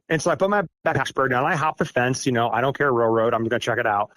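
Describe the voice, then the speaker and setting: A man's voice: mid-range voice, quick pace, a bit bright, no echo. A middle-aged man from Iowa tells a long personal story as a podcast guest, in an ordinary mid-range voice. He rambles, laughs at himself and fills gaps with "uh" and "like". The sound is dry and close, with no room around it. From Iowa, United States. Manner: rambling, self-deprecating, with frequent fillers. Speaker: guest recounting an encounter. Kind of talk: casual storytelling.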